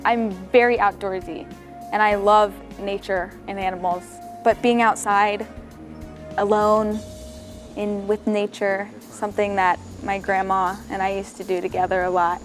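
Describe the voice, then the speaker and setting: A woman's voice: mid-range voice, little pitch movement, a little slow, faint music behind. A teenage girl speaking emotionally in a school profile interview, gushing and heartfelt. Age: teens. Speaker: high school student.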